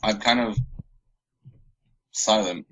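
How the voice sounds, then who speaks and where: A man with a low, husky voice plays a tabletop role-playing game. He chats casually, then speaks gallantly and formally when in character. The sound is dry and close. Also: steady tone, slow pace, a bit bright, no echo, low-quality recording. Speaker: player.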